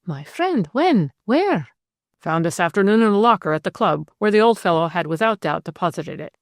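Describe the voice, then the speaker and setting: A woman narrator voicing a cool, calculating woman conspirator who talks with composure and jumps to sharp, bright rises. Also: fairly low pitch, sing-song, normal speed, no echo, studio quality. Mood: eager.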